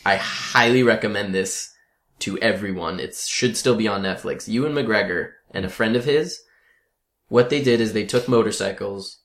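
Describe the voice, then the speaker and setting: Low-voiced man telling stories eagerly. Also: normal speed, a bit bright. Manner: enthusiastic storyteller, chatty. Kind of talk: casual chat.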